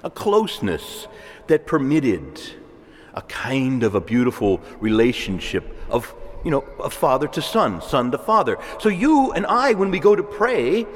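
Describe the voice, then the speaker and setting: A male priest giving a sermon in a conversational way, with asides and soft laughs. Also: medium pitch, sing-song, a little slow. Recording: long reverb of a church hall.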